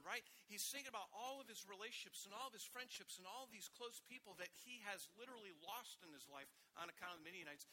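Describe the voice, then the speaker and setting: A man preaching, telling stories that swing from loud emphasis down to hushed asides. His voice is very bright and sits a little high for a man, and a faint hiss runs beneath it. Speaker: pastor. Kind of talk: sermon.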